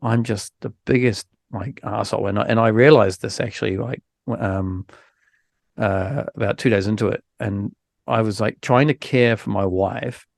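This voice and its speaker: Male podcast host; gravelly, dry close sound; frank, rambling, tired. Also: on the low side, steady tone, moderate pace, dry recording. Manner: frank, rambling, many fillers and restarts. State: recovering from illness, low energy. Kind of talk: casual podcast chat.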